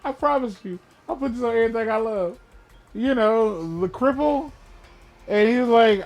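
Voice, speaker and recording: A man with a notably high voice on a relaxed gaming podcast, retelling a film in an animated, profane way. He swings from low mutters to loud bursts of emphasis. Faint music runs underneath. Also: normal speed. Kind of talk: casual chat, retelling a film.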